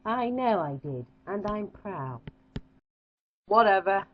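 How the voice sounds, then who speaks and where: A woman's voice: mid-range voice, sing-song, takes it slowly, dull audio, a little hiss or hum. A woman voicing a young male chicken son in an amateur cartoon, talking in a casual, offhand way.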